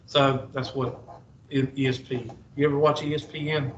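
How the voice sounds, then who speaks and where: A man's voice: medium pitch, little pitch movement, moderate pace, lo-fi sound, slight background noise. A male math teacher, lecturing a class with rambling, sarcastic asides. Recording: echoey classroom from far off.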